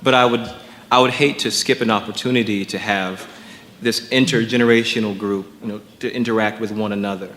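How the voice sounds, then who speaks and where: A man's voice: on the low side, steady tone, brisk. Courteous male moderator in a hall. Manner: courteous, gently guiding. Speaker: panel moderator. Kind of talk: moderating a panel. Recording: long hall reverb with faint noise.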